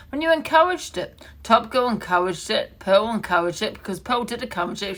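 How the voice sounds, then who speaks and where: Angry woman with gravelly voice. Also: fairly low pitch, a bit bright. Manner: angry, swearing, repeating accusations. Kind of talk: heated live-stream rant.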